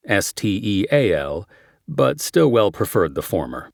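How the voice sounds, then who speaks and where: Low-voiced male audiobook narrator. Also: vocal fry, dry recording, studio quality. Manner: measured, steady reading. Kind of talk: scripted narration.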